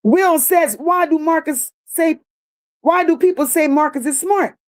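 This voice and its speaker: A woman's voice: high-pitched, unhurried. A woman hosting a livestream, reading viewer comments aloud and answering them bluntly, with sassy repeated phrases. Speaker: livestream host.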